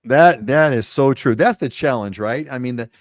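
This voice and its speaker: A man's voice: medium pitch, moderate pace, no room sound, clean studio sound. A man hosting a live real estate show, talking with enthusiasm and often repeating words as he starts his sentences. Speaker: host.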